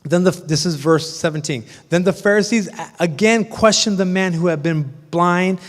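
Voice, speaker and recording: A man's voice: sits high, moderate pace. A man preaching a sermon as pastor, telling the story conversationally with humorous asides. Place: church sanctuary. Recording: long church reverb.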